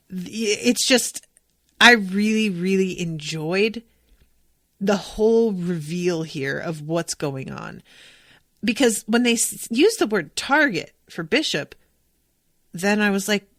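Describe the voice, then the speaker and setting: A woman hosting a podcast, chatting about a TV episode in an excitable way, swearing freely and acting out the characters' lines. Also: mid-range voice, measured pace, dry recording, studio quality. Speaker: podcast host recapping a TV episode. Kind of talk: casual chat.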